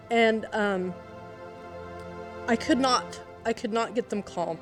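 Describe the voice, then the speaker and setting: Woman recalling events, shaken and halting. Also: on the high side, animated, faint music behind. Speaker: interviewee, mother. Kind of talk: emotional interview recollection.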